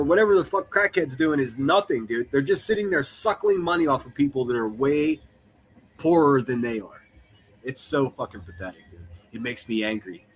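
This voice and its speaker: A man streaming and commentating, swearing constantly in a crude, mocking rant. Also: fairly high pitch. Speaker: streamer reacting to other streams. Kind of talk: profane ranting commentary.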